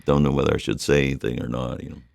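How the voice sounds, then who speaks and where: A man's voice: extremely low pitch, flat delivery, racing, creaky, darkish tone. A middle-aged man with a mixed, hard-to-place accent, a musician chatting in an interview in a rambling, laid-back way. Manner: rambling, laid-back, lots of "you know". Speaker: musician guest. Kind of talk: casual interview chat.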